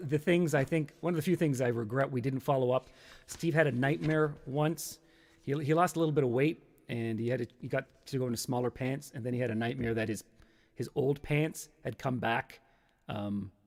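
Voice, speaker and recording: A man's voice: medium pitch, moderate pace, darkish tone. A man in his fifties hosting a casual solo stream, rambling and nostalgic, now and then acting out an old sketch in silly voices. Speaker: podcast host.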